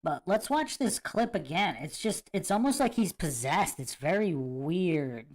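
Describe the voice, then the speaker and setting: A man's voice: high voice, animated, measured pace. A man hosting a livestream, chatting casually to viewers and reacting to clips with a musing, emphatic manner that repeats points. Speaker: host of a livestream commentary show.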